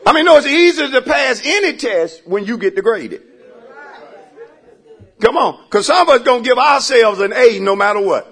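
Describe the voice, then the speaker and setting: High-voiced preacher guy, bright and husky, big swings, call-and-response. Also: expressive, moderate pace, some chatter behind. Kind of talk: sermon. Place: church.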